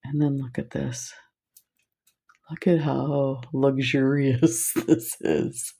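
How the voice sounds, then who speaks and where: A woman hosting a beading video, gushing and excited as she shows off new beads, laughing often. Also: very deep voice, slow, creaky, breathy edge. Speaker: beading channel host. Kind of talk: casual product showcase vlog.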